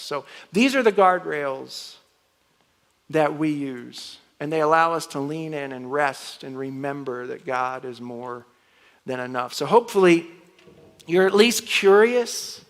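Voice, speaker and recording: A man's voice: a little high, unhurried. Conversational male pastor in a reverberant hall. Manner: conversational, animated, acts out home dialogue. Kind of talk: sermon. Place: church auditorium.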